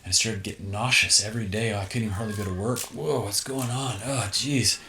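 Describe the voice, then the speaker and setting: In a casual interview recorded in a tipi, a middle-aged male guest tells a personal story, acting out scenes with gasps and exclamations. His fairly low voice moves quickly and sounds pushed and bright. The audio has a roomy echo and faint noise.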